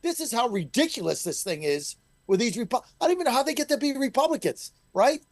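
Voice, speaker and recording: High-voiced guy on talk radio, fired up and emphatic, dry close sound. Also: big pitch swings, quick pace, dry recording. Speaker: state legislator guest. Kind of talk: call-in talk radio interview.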